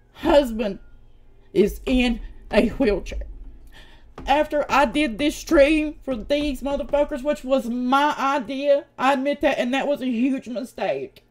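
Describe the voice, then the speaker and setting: A woman from Tennessee, giving a heated, profane vlog rant that swings between loud outbursts and hushed talk. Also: sits high. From Tennessee, USA. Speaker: YouTuber.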